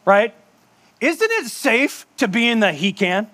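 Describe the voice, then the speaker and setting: A man's voice: sits high, sing-song, unhurried, pushed and bright. A male pastor giving a conversational sermon, joking with asides to the congregation.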